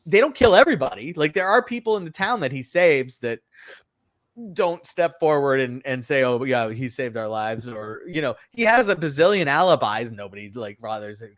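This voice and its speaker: Casual podcast film reviewer, male, talks in loose animated rambles, a bit higher voice, dead-dry close sound. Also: normal speed, dry recording. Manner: rambling, animated, lots of fillers and restarts. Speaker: podcast co-host.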